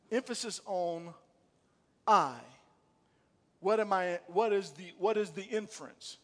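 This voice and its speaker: In the church sanctuary, a male pastor's high, bright sermon echoes with a long hall reverb. He takes an unhurried, animated approach, trading calls and responses with the congregation before rising to loud, forceful lines.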